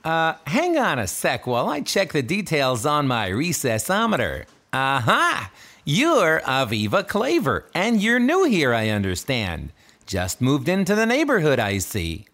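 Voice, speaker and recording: A man voicing a cheerful, kind talking backpack in a children's audio drama, chuckling and swooping in pitch. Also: huge pitch swings, unhurried, fairly bright tone, full character voice. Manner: rhyming, bouncy, chuckling, sudden swoops in pitch.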